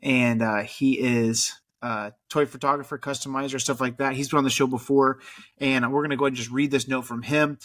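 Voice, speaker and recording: A man hosting a podcast, talking in a relaxed, rambling way with lots of fillers. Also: mid-range voice, brisk. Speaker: podcast host. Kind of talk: casual chat.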